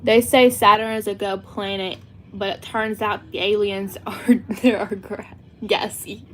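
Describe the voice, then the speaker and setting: A woman's voice: mid-range voice, fairly even intonation, a little slow, a bit bright, slight background noise. A teenage girl with a Southern US accent, chatting and giggling to her livestream chat. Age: teens. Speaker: livestream host.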